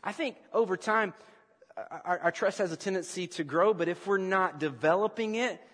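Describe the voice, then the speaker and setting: A man's voice: high-pitched, moderate pace, a bit bright, long reverb tail. A man preaching a sermon as pastor, telling a story and asking his congregation questions.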